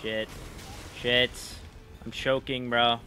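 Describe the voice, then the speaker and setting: A man's voice: medium pitch, level tone, slow pace, sharp tone, faint music behind. A young man giving profane, frustrated commentary while playing a game, trash-talking bosses. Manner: swearing, frustrated outbursts, mocking trash talk. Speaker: gaming streamer.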